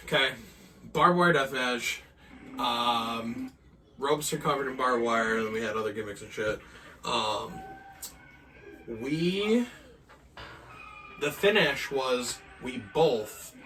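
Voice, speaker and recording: A man from Maine tells his stories in a bright, forceful voice, swearing freely and acting out every quote. He sits a little back from the mic, so the sound has some distance. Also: medium pitch. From Maine, USA. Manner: animated, profane, acts out quotes. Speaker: guest pro wrestler. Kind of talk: casual storytelling chat.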